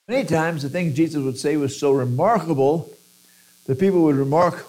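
A man's voice: on the high side, moderate pace, a little mellow, low-quality recording. A man preaching a sermon who acts out quoted voices and sometimes repeats words.

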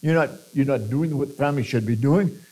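A man's voice: medium pitch, a little fast, darkish tone, poor audio. A man preaching a sermon who acts out quoted voices and sometimes repeats words.

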